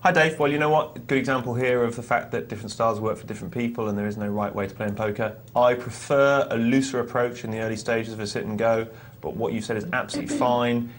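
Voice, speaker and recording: A man's voice: medium pitch, fairly even intonation, fast, few pauses, a little hiss or hum. A man co-hosting a live poker show, explaining ideas thoughtfully with occasional restarts. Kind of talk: live on-air poker talk.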